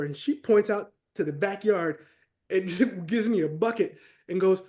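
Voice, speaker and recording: A man from Connecticut with a notably high-pitched speaking voice tells stories on a webinar. He sounds animated and emphatic, pushing his points home with feeling. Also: measured pace. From Connecticut, USA. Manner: animated storyteller, expressive and emphatic. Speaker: guest co-presenter. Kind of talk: webinar storytelling.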